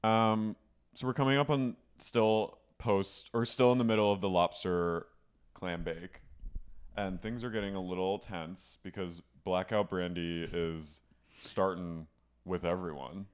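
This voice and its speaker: A man co-hosting a casual podcast, campy and animated, often mimicking people in a high mock voice. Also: a little slow, clean tone. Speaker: podcast co-host. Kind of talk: casual chat.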